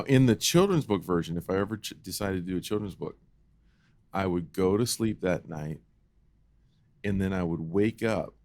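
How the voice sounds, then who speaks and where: A man co-hosting a podcast, telling a childhood story in an animated, casual way and acting out the voices. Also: low-pitched, no echo. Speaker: podcast co-host.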